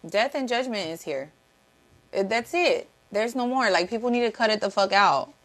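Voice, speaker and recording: A woman's voice: mid-range voice, lively intonation, moderate pace, fairly bright tone. Woman tarot reader, casual, blunt, cussing, emphatic, repetitive. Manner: talks to live chat viewers.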